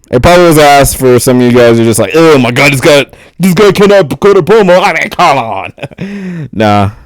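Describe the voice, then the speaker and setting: A man's voice: on the low side, dry recording. A young man rambling on a handheld mic, joking, swearing and laughing often, with lots of fillers. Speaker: vlogger. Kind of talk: rambling casual monologue to camera.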